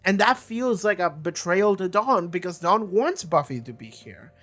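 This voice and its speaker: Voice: mid-range voice, sing-song, moderate pace, a bit bright. A young adult host talking through a TV season in a rambling, casual review, repeating words and filling with "like".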